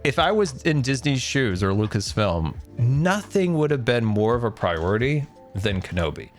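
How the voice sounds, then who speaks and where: Male streamer, ranting, joking, lively pitch, faint music behind. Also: moderate pace. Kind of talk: casual stream chat.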